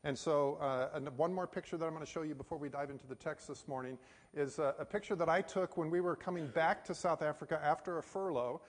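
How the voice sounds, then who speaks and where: A man's voice: fairly high pitch, quick pace. A middle-aged American man, a missionary pastor, preaching a sermon and telling a personal story in a folksy way with many fillers. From United States. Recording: hall reverb.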